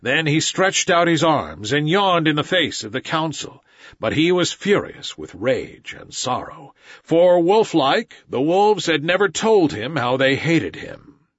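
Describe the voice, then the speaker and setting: A man reading a story aloud in a measured, expressive way, in a slightly dull recording. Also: on the high side, no room sound. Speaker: audiobook narrator. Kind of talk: storybook narration.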